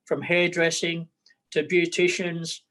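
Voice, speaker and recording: Aussie bloke talking blunt and rambly, stumbles over words, voice sits a bit high. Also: male voice, little pitch movement, slow, a bit bright, poor audio. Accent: Australian. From Australia. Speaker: political candidate. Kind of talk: interview.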